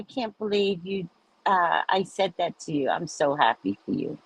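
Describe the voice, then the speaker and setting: A woman's voice: lowish voice, moderate pace, creaky, slightly rough, no echo, low-quality recording. A middle-aged woman hosting a casual livestream, chatting and reading viewer comments aloud. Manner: chatty, animated, reads chat aloud. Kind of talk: casual chat.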